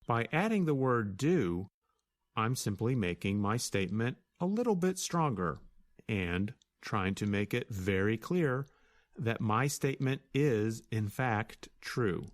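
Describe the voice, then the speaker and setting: A man co-hosting an English lesson, explaining grammar clearly and deliberately and spelling words out. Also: medium pitch, big pitch swings. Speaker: co-host and English teacher. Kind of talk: scripted teaching dialogue.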